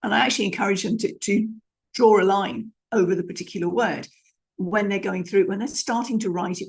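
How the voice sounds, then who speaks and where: A woman's voice: mid-range voice, steady tone, brisk, vocal fry, breathy edge. A middle-aged woman gives an emphatic lesson as a speaking coach, showing different tones of voice and often restarting her phrases. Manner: demonstrative, emphatic, with frequent restarts. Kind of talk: instructional talk on vocal tone.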